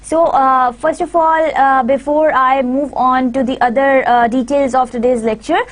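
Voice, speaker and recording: A woman giving a recorded university lecture, halting and full of fillers and restarts. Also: sits high, steady tone.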